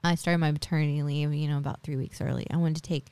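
A woman's voice: sits low, steady tone, quick pace, darkish tone, smooth, dry recording. A woman in her forties hosting a podcast, telling a personal story in a chatty, casual way full of tag questions and fillers. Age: 40s. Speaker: podcast host.

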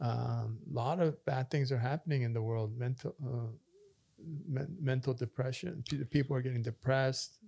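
A man's voice: medium pitch, fairly even intonation, moderate pace, gravelly, mellow. A man, a pastor co-hosting a podcast, telling stories in a loose, rambling way with many fillers and restarts. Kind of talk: casual chat.

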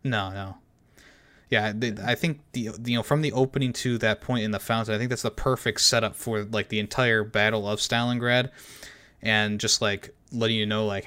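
A man's voice: on the low side, fairly even intonation, a little fast, a bit bright. A man talking casually about a movie with friends, rambling with many fillers and restarts. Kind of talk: casual film discussion.

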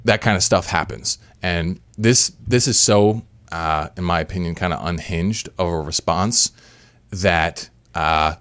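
A man's voice: low-pitched, unhurried, fairly bright tone, no echo. A man hosting a podcast, commenting in a rambling, casual way with frequent restarts. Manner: rambling, self-correcting, repeats words. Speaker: podcast host.

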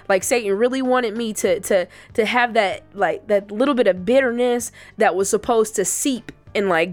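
Earnest woman giving a faith testimony. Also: medium pitch. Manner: earnest, emphatic, repeats herself for emphasis. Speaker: faith speaker addressing women.

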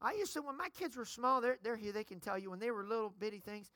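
A middle-aged woman pastor preaching a sermon, calling on the congregation to shout amen. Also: a little high, lively intonation, quick pace, dry recording, clean studio sound. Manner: preaching, calls for amens from the congregation.

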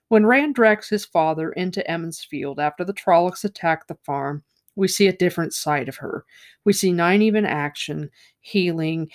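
A man casually breaking down a fantasy novel, speaking bluntly and swearing freely, and reading passages aloud. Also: high-pitched. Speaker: book discussion host. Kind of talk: casual book discussion with read-aloud passages.

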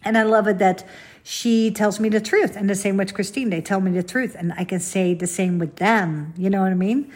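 A middle-aged woman from the Netherlands hosts a solo podcast, her voice a little husky. She talks in a loose, confiding way and keeps asking the listener what they think. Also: mid-range voice, steady tone, normal speed, darkish tone. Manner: chatty and confiding, asks the listener questions. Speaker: podcast host. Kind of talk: casual solo podcast chat.

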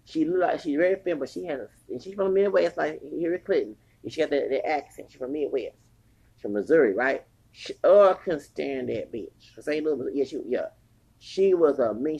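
Husky gravelly voice, 40s, rambling profane story rant, gets heated. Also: medium pitch, darkish tone. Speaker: podcast host.

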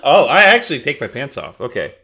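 A man's voice: mid-range voice, huge pitch swings, quick pace, noisy background. A man co-hosting a podcast, casually retelling movie scenes and laughing along. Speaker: podcast co-host. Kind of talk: casual movie recap chat.

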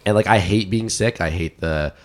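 Deep-voiced man with a cold. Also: normal speed. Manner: chatty, rambling, laughs often. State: sick, deep rough voice. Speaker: podcast co-host. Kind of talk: casual chat.

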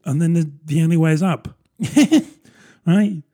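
A man's voice: a little high, measured pace, dark tone. A man, rambling through a casual solo podcast with plenty of fillers and self-deprecating asides. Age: 30s. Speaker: podcast host.

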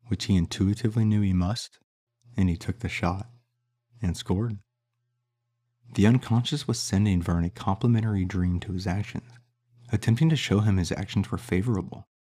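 A man narrating an audiobook in a measured, steady reading. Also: deep voice, slightly rough.

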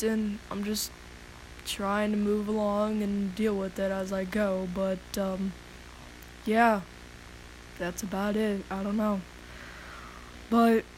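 A woman's voice: mid-range voice, slight background noise, poor audio. A woman hosting a podcast, chatting candidly with casual swearing, her voice cracking, then reading her own poem.

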